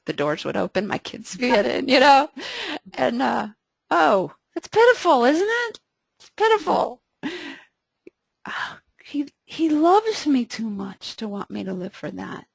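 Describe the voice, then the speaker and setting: A woman's voice: on the high side, moderate pace, creaky, slightly rough, dry recording. Woman, Bible study leader, chatty with restarts, dry close sound. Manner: lively, conversational, frequent restarts. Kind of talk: casual Bible study talk.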